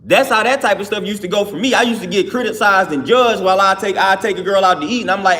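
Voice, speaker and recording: Fast and high-voiced, with a bright, pushed quality, a male livestreamer replies to his chat in an easygoing, loose manner. He keeps breaking off and restarting what he's saying.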